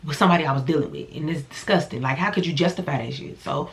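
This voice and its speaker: A woman tells a personal story in a casual vlog. She talks bluntly and swears freely. She jumps into animated impressions of the people she quotes, in a voice that sits a little low. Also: fast, slight background noise. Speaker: storyteller vlogger.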